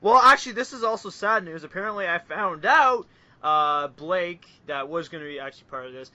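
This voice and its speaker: A man's voice: high voice, expressive, brisk, lo-fi sound, a crowd in the background. A young man from Canada co-hosting a casual podcast, rambling with lots of fillers and breaking into giggles. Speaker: podcast co-host. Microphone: online voice call.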